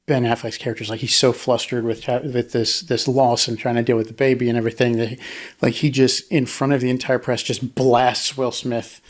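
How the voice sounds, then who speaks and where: A man co-hosting a casual podcast discussion, rambling with many restarts and acting out quotes in a higher voice. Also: level tone, brisk. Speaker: podcast co-host.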